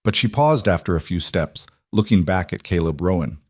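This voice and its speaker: Low-voiced man narrating a story. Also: lively intonation, moderate pace, breathy edge, no room sound, clean studio sound. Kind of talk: scripted narration.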